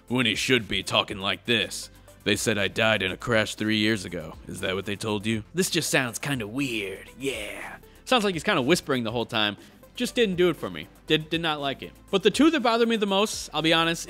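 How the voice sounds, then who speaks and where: A man ranting passionately as a video game commentator. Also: a little high. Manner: passionate, animated. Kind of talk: opinionated rant.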